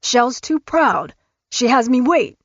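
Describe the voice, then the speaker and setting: A woman's voice: fairly high pitch, big pitch swings, slow, dry recording, pitched above the performer's own voice, heavily acted. A woman voicing a stubborn, trusting husband who answers defensively and firmly, in an audiobook. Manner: defensive, firm. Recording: dull, dry studio recording.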